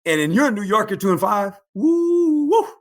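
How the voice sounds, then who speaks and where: An older man, a former football coach, telling stories as a guest in an interview, animated and emphatic, often repeating phrases. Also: sits high, fast talker. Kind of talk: storytelling interview.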